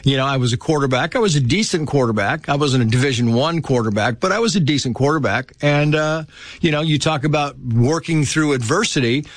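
A man chatting as a guest, telling lively stories and acting out the people in them. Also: mid-range voice, fairly quick, dry recording. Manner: animated, acts out quoted voices. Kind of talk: casual storytelling.

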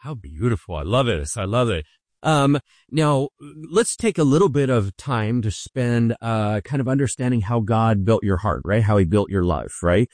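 A man's voice: on the low side, animated, moderate pace, darkish tone, dry recording, studio quality. A man, a pastor, hosting a faith program and encouraging his guest with affirming questions. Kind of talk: interview hosting.

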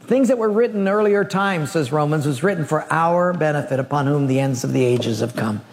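A man preaching a sermon, telling a Bible story with lively acted-out dialogue. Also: a little high, a little fast. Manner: animated storytelling, acting out dialogue. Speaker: pastor. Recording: reverberant hall.

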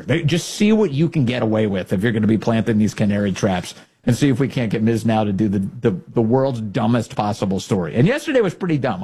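Husky sarcastic commentary host. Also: male voice, mid-range voice. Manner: sarcastic, animated. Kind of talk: mocking commentary on news clips.

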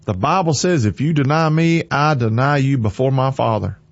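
A man preaching a sermon, forceful and emphatic, hammering points home by repeating them. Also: medium pitch, moderate pace, dull audio.

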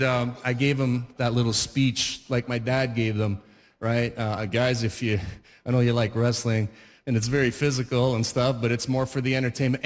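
A man's voice: medium pitch, big-room sound. A man in his forties doing stand-up, telling stories in a rambling, stop-start way. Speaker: stand-up comedian. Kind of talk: stand-up comedy.

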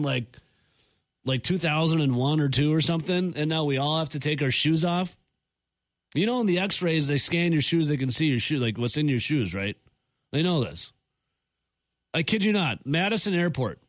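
A man hosting a morning radio show, telling an airport story with animated, incredulous asides. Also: fairly high pitch, no echo, clean studio sound. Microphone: studio microphone.

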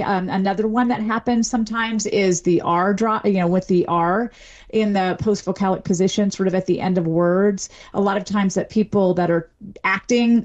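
Woman linguistics professor explaining calmly. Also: mid-range voice. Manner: measured, academic, thinks aloud with fillers. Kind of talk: explanatory interview answers.

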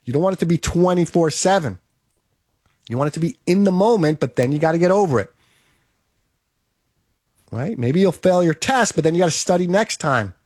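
A man's voice: a little high, expressive, brisk, long pauses, darkish tone, dry recording, clean studio sound. A man giving an emphatic, repetitive motivational monologue, coaching the listener.

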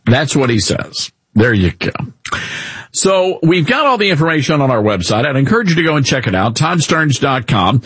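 Animated husky talk radio host. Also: male voice, mid-range voice, normal speed, no echo. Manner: animated, folksy, chuckling asides. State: throat irritation, clearing throat. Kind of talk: conservative talk radio commentary. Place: radio studio. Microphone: studio microphone, dry.

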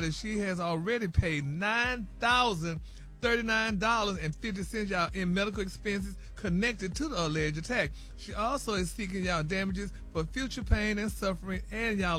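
A man's voice: high voice, moderate pace, bright, forceful tone. A man reading celebrity news on a morning radio show in a dramatic way, peppering every sentence with "y'all" and "honey.". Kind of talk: morning radio gossip report. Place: radio studio.

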